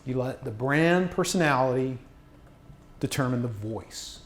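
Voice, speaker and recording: A man of middle pitch gives a workshop talk on writing, chatty and self-deprecating. He often stops and restarts a sentence mid-thought. The recording picks up the echo of the room. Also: animated, measured pace. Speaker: university communications workshop presenter. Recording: echoey room.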